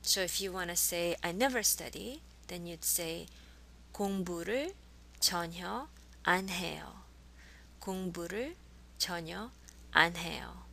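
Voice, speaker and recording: A woman with a gravelly, bright voice teaches a language class. She says each model phrase slowly, over-enunciates it and then repeats it for her students. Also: fairly low pitch, a little hiss or hum. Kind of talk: language lesson.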